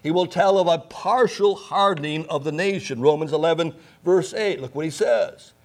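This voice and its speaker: A man's voice: a little high, moderate pace. A man preaching a sermon, emphatic, repeating key phrases and asking rhetorical questions. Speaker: pastor.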